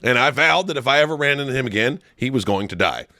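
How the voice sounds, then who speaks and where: A young man co-hosting a crude comedy podcast, an animated storyteller who swears a lot and breaks into laughs. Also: mid-range voice, fast talker, no echo, clean studio sound. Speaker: podcast co-host.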